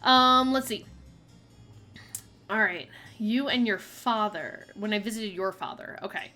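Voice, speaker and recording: A woman's voice: medium pitch, a little slow, pushed and bright, a little hiss or hum. A young woman streamer chatting casually while playing a mystery game, reading its text aloud and laughing often. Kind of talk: casual gameplay commentary. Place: home streaming setup.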